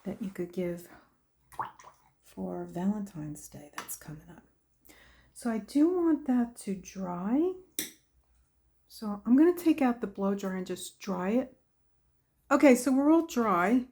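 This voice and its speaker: A woman's voice: medium pitch, expressive, darkish tone, a little hiss or hum. A woman hosting a painting lesson, chatting casually and talking to herself as she works. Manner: slow, chatty, talks to herself while working. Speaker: art tutorial host. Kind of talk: painting demonstration.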